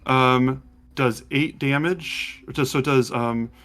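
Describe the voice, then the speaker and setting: A man running a tabletop game as game master, who slows down when he describes the monsters. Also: medium pitch, steady tone, fairly bright tone.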